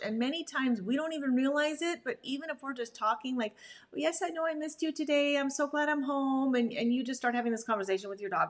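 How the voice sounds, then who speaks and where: Animated woman dog trainer, high voice. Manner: animated, acts out quoted owners and dogs. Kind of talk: webinar presentation.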